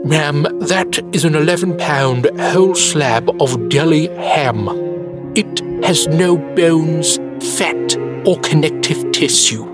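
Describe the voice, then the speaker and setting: Man as a solemn, wordy deli clerk, slightly high voice, over loud music. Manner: slow, eloquent, solemn. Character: grandiloquent deli clerk lecturing about ham. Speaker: deli clerk in a meme clip. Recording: clip with loud music behind.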